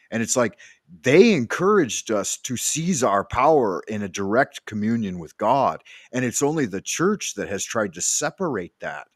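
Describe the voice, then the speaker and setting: A man's voice: medium pitch, big pitch swings, normal speed, no echo. A man hosting a livestream from home, chatting in a loose, rambling way and swearing casually. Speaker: livestream host. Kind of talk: casual chat.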